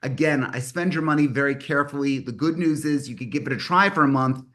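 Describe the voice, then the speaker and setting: A man's voice: medium pitch, quick pace, a bit bright. Rambling middle-aged man on a video call. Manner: rambling, self-correcting, enthusiastic. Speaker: mastermind group host. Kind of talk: casual online meeting talk.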